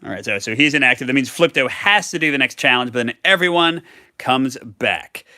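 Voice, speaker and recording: A man's voice: mid-range voice, expressive, fairly quick, bright, forceful tone, dry recording, clean studio sound. A man hosting a live tabletop game playthrough, reading cards aloud with chatty asides. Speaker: host.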